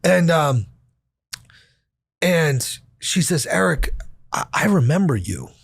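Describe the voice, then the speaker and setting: A man's voice: a little high, sing-song, slow, creaky, husky, no room sound, studio quality. A man in his thirties telling a candid personal story in casual conversation, swearing casually and acting out quoted dialogue. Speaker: podcast guest.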